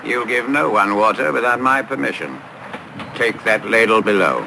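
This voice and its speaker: An actor playing a stern, tyrannical ship's captain who gives clipped, gravelly commands in an old film scene. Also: male voice, mid-range voice, animated, normal speed. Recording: noisy old film soundtrack.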